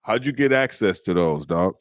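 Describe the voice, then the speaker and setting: A man's voice: deep voice, lively intonation, normal speed, dry recording, clean studio sound. A man hosting his own comedy show, roasting viewers' comments in loose slang and breaking into laughter. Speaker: comedian host.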